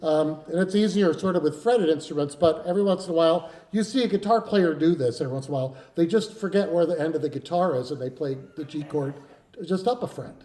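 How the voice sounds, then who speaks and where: Rambling folk musician telling a stage story. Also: male voice, fairly high pitch, quick pace, dark tone. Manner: rambling, self-deprecating anecdote with frequent chuckles. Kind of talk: live concert storytelling. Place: concert stage before a live audience. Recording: roomy live venue sound with faint instruments.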